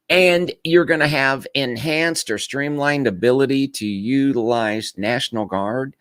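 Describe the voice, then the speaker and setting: A man's voice: medium pitch, measured pace, hardly any pauses, a bit bright, smooth, dry recording. A man giving casual, emphatic political commentary, often restarting his sentences and repeating his points. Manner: emphatic, repetitive, frequent restarts.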